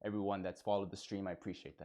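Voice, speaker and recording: A man's voice: deep voice, little pitch movement, racing, mellow. A young man chatting casually on a live stream in a playful, joking teacher persona, laughing often.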